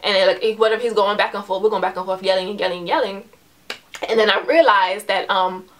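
Young woman in her twenties, casual storytime vlogger, filler-heavy, animated delivery. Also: mid-range voice. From New York. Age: 20s. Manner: chatty, heavy use of "like" and "um"; animated storyteller, voice rises when retelling the confrontation.

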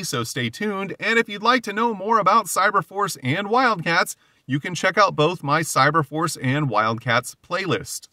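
A man's voice: fairly high pitch, pushed and bright, no echo. A man hosting a casual solo comic book commentary, talking animatedly with frequent fillers and exasperated asides.

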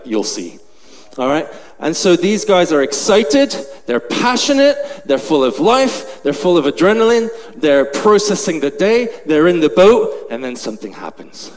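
A man preaching a sermon, animatedly acting out a story and out of breath. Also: on the high side. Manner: animated, acts out the scene. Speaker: pastor. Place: large church hall. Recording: long hall reverb, faint noise.

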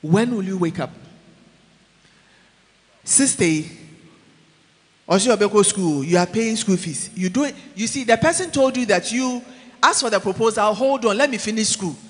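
A man preaching a sermon in a church, animated, mixing English with Twi, swinging from shouts to low asides. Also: a little slow, pauses often, big-room sound.

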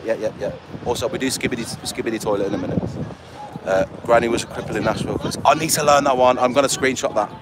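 Man chatting with street noise. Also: on the low side. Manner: chatty, reads comments aloud, jokey. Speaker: busker talking to live chat. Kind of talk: casual chat.

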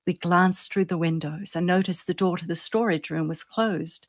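A woman, an author reading her own fiction aloud, telling it with suspense and letting phrases fall softly at the end. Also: fairly low pitch, fairly even intonation, moderate pace, few pauses. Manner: storytelling, drops softly on ends of phrases, lifts on suspense.

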